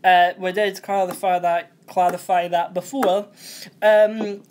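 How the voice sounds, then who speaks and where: Slow, rambling young man. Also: high-pitched, little pitch movement, darkish tone. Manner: rambling, loses track and corrects himself. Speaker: host. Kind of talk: casual TV episode recap.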